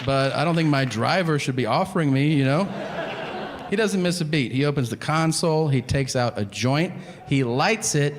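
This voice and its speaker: A man in his thirties doing a stand-up comedy set, telling stories deadpan and acting out the other voices. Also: a little high, normal speed. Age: 30s. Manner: deadpan storytelling with acted-out voices. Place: comedy club stage. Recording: live stage recording with audience noise.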